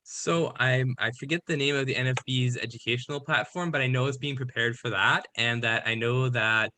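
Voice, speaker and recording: A man's voice: mid-range voice, normal speed, pushed and bright, a little hiss or hum. A man from Labrador, a filmmaker on a video-call panel, talking eagerly and casually with many fillers. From Labrador, Canada.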